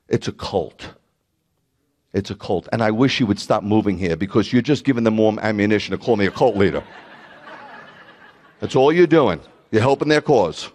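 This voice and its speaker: A man preaching a sermon as a rabbi, animated and mocking the voices of his critics. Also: on the low side, in a large hall.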